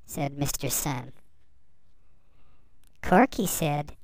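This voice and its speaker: A woman reading a bedtime story aloud to young children, gently and slowly. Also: sits low, lively intonation, no echo, low-quality recording. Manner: gentle, slow, addressing children.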